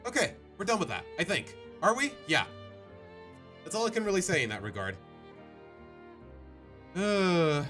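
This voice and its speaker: A man live-streaming his reactions to videos in casual, animated chat, groaning and laughing as he goes. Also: fairly high pitch, brisk, soft background music.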